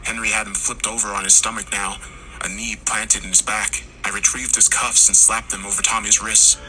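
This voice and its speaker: Low-voiced man narrating horror over music. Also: level tone, normal speed, low-quality recording. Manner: acts out characters' lines, rising to shouts.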